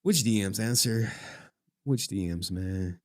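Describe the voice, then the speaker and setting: On the low side and unhurried, this man's voice carries a casual livestream where he chats with his audience. He swears, reads their messages out loud, and gets emotional doing it. The recording is dry, with clean studio sound.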